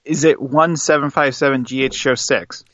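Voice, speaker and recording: A man's voice: mid-range voice, steady tone, moderate pace, fairly bright tone, no room sound, muffled recording. A man co-hosting a podcast in casual chat, blunt and teasing. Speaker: podcast co-host.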